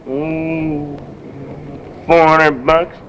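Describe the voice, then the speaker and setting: Tough-guy car buyer, 1930s comedy, clipped slang, bright high voice. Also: little pitch movement, extremely slow, slight background noise, rough recording. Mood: blunt suspicious. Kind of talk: 1930s film comedy acting.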